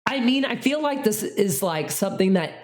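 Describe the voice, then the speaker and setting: A woman's voice: medium pitch, lively intonation, normal speed. A woman co-hosting a podcast, chatting casually with lots of "like" and fillers. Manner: rambling, heavy on "like", dramatic readings of messages. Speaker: podcast co-host. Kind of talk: casual chat.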